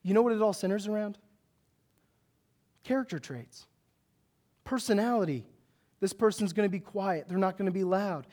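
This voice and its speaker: A young adult man preaching a sermon with a loud, big voice, telling stories with animated, self-mocking humor. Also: high voice, normal speed, pauses often.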